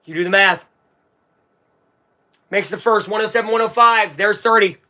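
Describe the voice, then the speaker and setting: A live streamer calling a basketball game as an excitable fan, swinging from low muttering to shouting and swearing. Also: normal speed. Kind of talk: live fan watch-along commentary.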